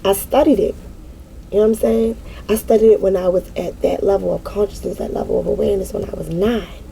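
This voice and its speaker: A woman's voice: mid-range voice, fairly even intonation, a little fast, gravelly, warm tone, a little hiss or hum, rough recording. A woman in casual spiritual reflection, talking with a repetitive, emphatic, preacher-like cadence. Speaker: mother speaking to an online audience.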